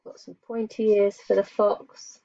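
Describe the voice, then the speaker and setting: Slow, patient woman teaching young children. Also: mid-range voice, flat delivery, gravelly, dark tone, no room sound. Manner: slow, patient, asks children questions while drawing. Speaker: primary school teacher. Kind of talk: remote lesson for young children. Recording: dull lo-fi dry sound.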